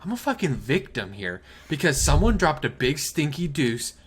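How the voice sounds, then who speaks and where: A man's voice: on the high side, very animated, normal speed, slightly rough. A young man co-hosting a podcast, telling stories in casual chat, swearing and laughing often. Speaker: podcast co-host.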